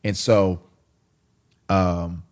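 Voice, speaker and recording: An American man chatting casually, telling stories in an animated, slangy, emphatic way. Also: low voice, drawn-out words. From United States. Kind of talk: casual chat.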